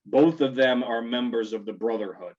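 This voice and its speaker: A man's voice: medium pitch, moderate pace, darkish tone. A man narrating a tabletop game as game master, loose and full of ums and restarts. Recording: dull lo-fi audio.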